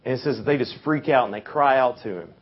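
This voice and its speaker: A man's voice: medium pitch, fast talker, husky. A young man giving a youth sermon in a casual, conversational way, full of fillers and restarts. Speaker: youth speaker. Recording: dull lo-fi recording.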